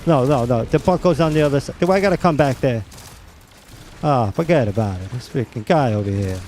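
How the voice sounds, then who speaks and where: A man voicing a brash, impatient male New York cab driver in a gruff, bossy New York accent. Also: medium pitch, animated, fairly quick, darkish tone, a little hiss or hum, close to an everyday voice. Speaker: streamer. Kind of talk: comic bit during gaming stream.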